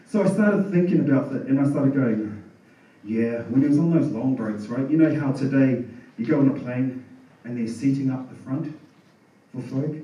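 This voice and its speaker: A man's voice: mid-range voice, normal speed, mellow. A man doing laid-back stand-up comedy, telling stories on a bar stage. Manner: laid-back storytelling, chuckles at his own jokes. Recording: echoey bar room from far off.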